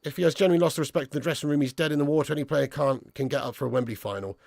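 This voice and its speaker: A man's voice: on the high side, rapid-fire, creaky, darkish tone, dry recording, clean studio sound. A young man hosting a casual live stream about football, reading chat comments aloud and answering them bluntly, with plenty of swearing.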